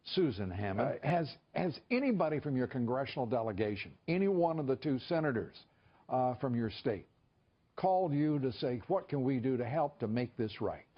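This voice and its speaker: A male television host delivers opinionated news commentary in a mid-pitched voice, pausing with occasional fillers. The broadcast audio sounds dull and lo-fi. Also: expressive.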